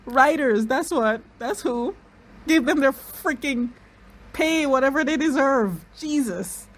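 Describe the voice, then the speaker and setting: A woman giving excitable reaction commentary on an episode, bursting into loud exclamations and then rambling quickly through her analysis. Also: sits high. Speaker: reaction vlogger.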